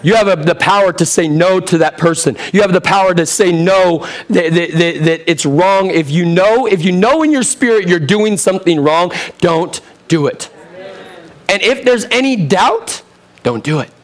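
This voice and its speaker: A man in his thirties preaching a sermon in a direct, conversational way, asking the crowd questions, his voice getting a bit hoarse. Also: high-pitched, moderate pace. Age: 30s. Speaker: pastor.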